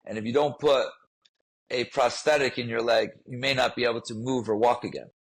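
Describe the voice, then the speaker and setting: A man's voice: mid-range voice, fairly quick, husky, rough recording. A man telling a personal story in a podcast interview, earnest and emotional, often repeating himself. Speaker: guest, fitness trainer.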